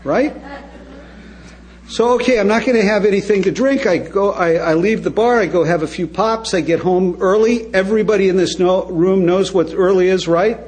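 A man's voice: sits high, normal speed, darkish tone, poor audio. A man speaking at a recovery meeting, telling his story to the audience with wry, comic timing and frequent direct asides to them.

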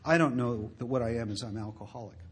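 A man speaking to an audience about his drinking, telling wry stories in a conversational way that swells to loud emphasis. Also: medium pitch, fast, slight background noise. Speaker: recovery speaker. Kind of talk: storytelling talk to an audience.

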